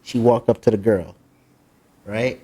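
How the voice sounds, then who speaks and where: A man's voice: fairly low pitch, measured pace. A man, a podcast co-host telling a story in casual chat, laughing and acting out the people in it. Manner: animated, laughing, acts out voices in the story.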